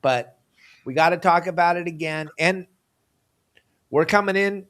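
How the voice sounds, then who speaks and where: A man's voice: fairly high pitch, measured pace, fairly bright tone, clear, resonant tone. A man hosting a fishing podcast, ranting with heated, emphatic passion.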